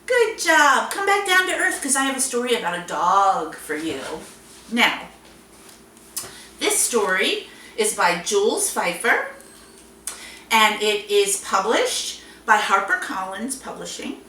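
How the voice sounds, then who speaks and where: Lively sing-song librarian woman, echoey. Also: mid-range voice, takes it slowly, distant mic, a little hiss or hum. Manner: animated, sing-song, talking to young children. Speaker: children's librarian. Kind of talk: storytime with songs and reading aloud. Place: library room. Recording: echoey room, voice a bit off-mic.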